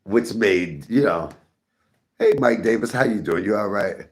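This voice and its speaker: A middle-aged man hosts a live stream, telling rambling, candid stories and chatting with his viewers. His voice is fairly low and his pace a little slow, fitting the casual storytelling.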